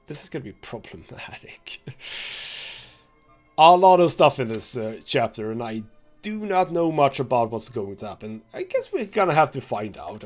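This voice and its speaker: A man hosting a let's play, reading a story game's text aloud with chatty asides and laughs. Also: mid-range voice. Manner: chatty asides with laughs between read passages. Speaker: gaming channel host.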